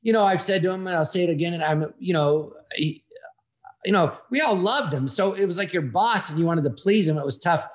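An older man in his sixties tells stories as a comedian guest, pitched a touch higher than most men. His delivery is lively and conversational, and he slips into the voices of the people he is quoting. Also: brisk. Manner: animated, acts out the people he quotes. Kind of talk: anecdotal storytelling in casual chat.

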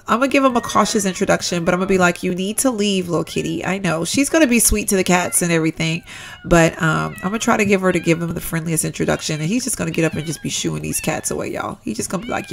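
A woman giving casual, chatty commentary while playing a life-simulation game, excitable and addressing viewers as "y'all". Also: medium pitch, vocal fry, a little hiss or hum. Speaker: Sims let's-play creator.

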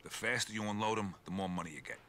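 A man voicing a gruff, hard-nosed mobster fence in a video game, talking bluntly and crudely and giving orders. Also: fairly low pitch, quick pace, bright, forceful tone. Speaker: game character.

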